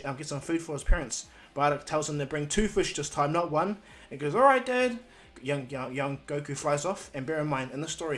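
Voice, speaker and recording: A man casually telling a fan-made story, rambling with lots of fillers. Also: fairly high pitch.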